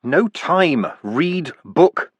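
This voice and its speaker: A man's voice: fairly high pitch, expressive, very slow, breathy edge, no echo, pitched above the performer's own voice, heavily acted. A man voicing a raving delirious watchman. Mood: dazed mumbling. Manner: dazed, slurred, erupting into anguished shouts.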